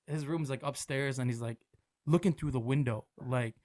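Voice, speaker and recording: A young man, a podcast guest, telling a story in casual chat, animated, with swearing and laughter. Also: medium pitch, normal speed. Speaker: podcast guest, restaurant manager and food truck owner.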